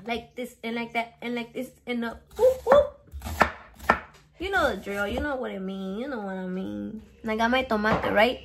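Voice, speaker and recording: A little high and lively in intonation, this young vlogger talks briskly with few pauses while cooking at home. She's playful, curses freely, and slips Spanish into her English, with chopping and clicks audible in the recording.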